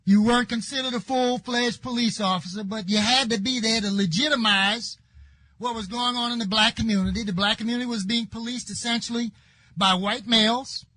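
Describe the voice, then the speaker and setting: An older man speaks at a conference in a fairly high voice, with passion and force. He builds steadily and breaks into near-shouts on the points that matter most. His voice is close and dry, with no room sound. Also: fairly even intonation, normal speed, no room sound, rough recording. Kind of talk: impassioned public speech.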